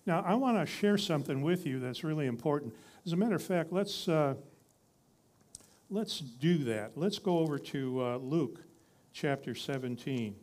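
A man with a mid-range, somewhat dark voice preaches a sermon in a conversational, teaching manner. He reads from scripture and builds toward emphatic, repeated lines.

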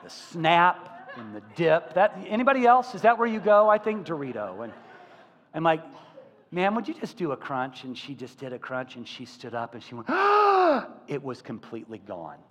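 A male pastor preaching a sermon, telling stories with lively acted-out voices. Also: on the high side, normal speed. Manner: animated storytelling, acting out quoted voices. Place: church sanctuary. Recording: church hall with long reverb.

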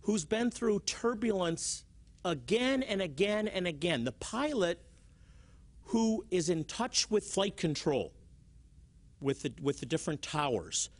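A man teaching as a Bible teacher and TV host. He tells stories in an animated way and repeats his words. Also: sits high, a little slow.

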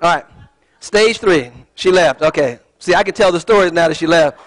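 Man, fairly high voice, relaxed sermon teaching with joking asides and tangents. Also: normal speed, rough recording. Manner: chatty and digressive, with joking asides. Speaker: Bible teacher.

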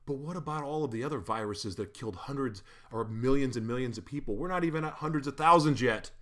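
A man giving a heated monologue, swinging between loud ranting and quiet, mock-polite asides. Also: medium pitch. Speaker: online commentator.

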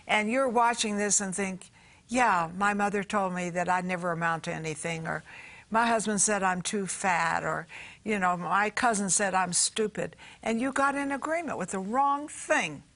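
A woman's voice: mid-range voice, moderate pace, a bit bright. A woman hosting a faith talk show who makes urgent, direct appeals to viewers.

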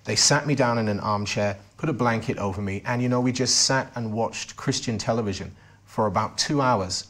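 A man being interviewed earnestly tells a personal testimony, frequently restarting his sentences. His voice is mid-range and fairly bright, and he speaks a little fast.

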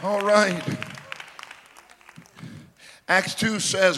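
A man, preaching a sermon, swinging from shouts to hushed asides. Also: high voice, extremely slow, pauses often, crowd noise, noisy background. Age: 50s. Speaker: pastor. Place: large church sanctuary. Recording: reverberant church hall.

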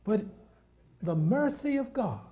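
A male preacher delivering a sermon in a warm, relaxed-toned voice. He swells into loud, rapid exhortation, stumbling over repeated words, then sinks to soft, intimate prayer. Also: high-pitched. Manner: repeats words when worked up.

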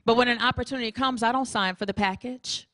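A woman preacher giving a sermon in a lively, humorous way, acting out little dialogues. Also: on the high side, fast, dry recording, studio quality. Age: adult with a grown daughter. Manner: animated, humorous, acts out dialogues.

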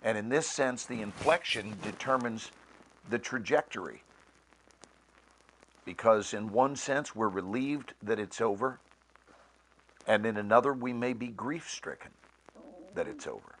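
Slow, low-voiced reflective man. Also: slight background noise. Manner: measured, deliberate, with expressive shifts in inflection. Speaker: actor and guest speaker. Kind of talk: reflective panel talk.

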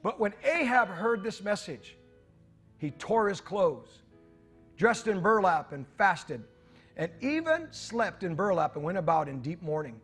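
A man's voice: sits high, very animated, a little slow, a bit bright, breathy edge, faint music behind. A man preaching a sermon in church, reading scripture aloud with joking asides to the congregation. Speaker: pastor.

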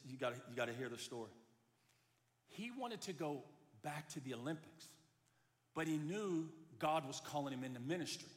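A man preaching a sermon as pastor, telling a story and acting out the voices, swinging from loud to hushed. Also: on the high side. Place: church sanctuary. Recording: long hall reverb with faint music.

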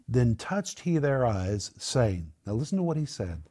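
A man preaching a sermon, animated, acting out the voices of the people in the story as he tells it. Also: medium pitch, moderate pace, hardly any pauses, breathy edge.

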